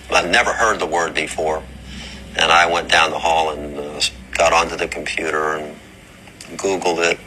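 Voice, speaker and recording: A man, a father, recounting plainly in an interview with a measured, halting manner. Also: very deep voice, sharp tone, slight background noise, rough recording. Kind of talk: interview recollection.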